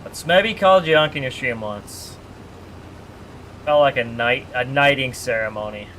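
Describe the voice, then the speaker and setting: A man's voice: medium pitch, normal speed, pushed and bright, a little hiss or hum. A man chatting casually with his live-stream audience while playing a farming game, joking and reading the chat aloud.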